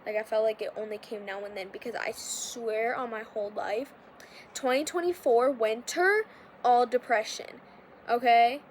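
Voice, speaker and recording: A woman's voice: fairly high pitch, moderate pace, slight background noise. A young woman hosting a podcast, talking casually and rambling with lots of filler words and restarts. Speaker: podcast host. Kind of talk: casual confessional monologue.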